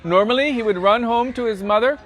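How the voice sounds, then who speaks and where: High-voiced man telling devotional stories outdoors. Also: a little fast. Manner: animated, dramatic storytelling. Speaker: pilgrimage guide and storyteller. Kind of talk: devotional storytelling on a pilgrimage tour. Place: outdoors at a riverside site.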